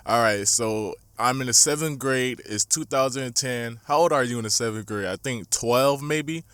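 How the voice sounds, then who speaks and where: Young man, late teens, storytime vlog, slangy and profane, animated, mid-pitched, dry close sound. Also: normal speed, smooth, no echo. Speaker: YouTuber.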